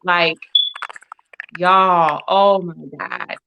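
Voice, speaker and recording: A woman's voice: on the low side, steady tone, very slow, muffled recording. Effusive woman on a noisy call. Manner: effusive, emotional, repeats words. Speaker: guest artist. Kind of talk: casual panel chat.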